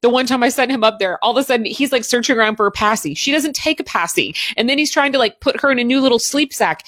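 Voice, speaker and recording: A woman hosting a casual chat, candid and chatty in a relaxed way. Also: fairly high pitch, quick pace, no room sound.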